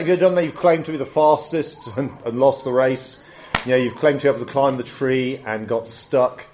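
A man in his fifties preaching a sermon. He reads scripture solemnly, prays quietly, then talks in a conversational way with restarts and fillers. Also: medium pitch. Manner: solemn scripture reading, hushed prayer.

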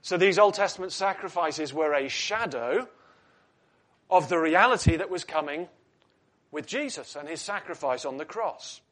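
A man preaching a sermon with a voice pitched a little above the usual male range. He teaches earnestly, stops to ask his listeners rhetorical questions, and slips in light asides. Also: expressive, moderate pace, fairly bright tone.

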